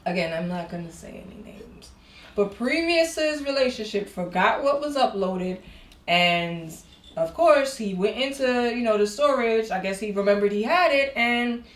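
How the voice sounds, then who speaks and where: A woman's voice: medium pitch, animated, normal speed. A woman co-hosting a casual podcast chat, blunt and profane, trailing off with fillers. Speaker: podcast co-host. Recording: echoey room, off-mic.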